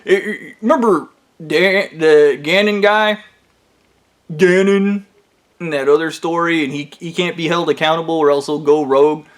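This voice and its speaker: A man's voice: a little high, normal speed. A man telling a rambling, profane comedic story about his workplace in a conspiratorial tone.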